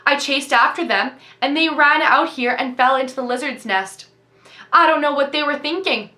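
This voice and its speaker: Cold, lying lady warden, read by a woman, curt and defensive, bright high voice. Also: moderate pace, roomy sound. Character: cold, lying female prison-camp warden.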